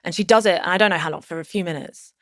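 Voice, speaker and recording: A woman in her thirties speaks with a fairly low voice as she tells a personal story on a podcast. She rambles casually, trails off, restarts her sentences and fills pauses often. The sound is close and dry, with no room around it. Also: a bit bright, no echo. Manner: rambling, with many fillers and restarts. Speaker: podcast guest.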